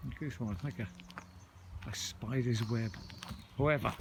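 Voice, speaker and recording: A man's voice: medium pitch, normal speed, noisy background. A man giving rambling, chatty commentary outdoors on a wooded hill, out of breath as he walks. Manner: chatty, rambling, self-interrupting. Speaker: vlogger. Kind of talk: walking vlog commentary.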